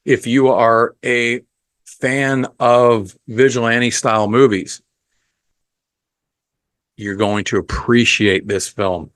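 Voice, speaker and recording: A man's voice: mid-range voice, steady tone, a bit bright, no echo. A man hosting a podcast, giving a casual, rambling film review full of ums and blunt profanity. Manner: unhurried, rambling with frequent ums.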